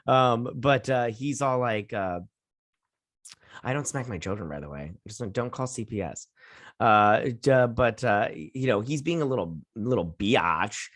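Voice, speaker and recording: A man's voice: mid-range voice, expressive, moderate pace, no echo, clean studio sound. A man hosting a TV review, recapping an episode in a chatty, sassy way, retelling scenes with lots of "she's like.". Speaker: TV review host.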